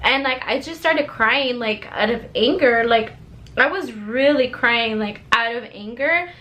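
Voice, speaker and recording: A young woman casually telling a personal story to her viewers, chatty and animated, with lots of "like". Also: a little high, a little slow.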